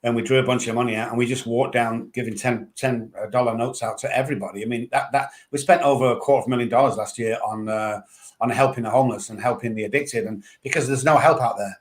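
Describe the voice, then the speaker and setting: A man's voice: medium pitch, steady tone, fast talker. A man hosting a podcast interview, talking bluntly and frankly and swearing casually. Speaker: podcast host. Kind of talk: conversational interview.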